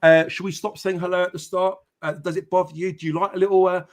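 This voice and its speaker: A man's voice: high voice, flat delivery, fast talker. A man hosting a live football podcast stream, chatting casually with many fillers and greeting viewers by name. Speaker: podcast host.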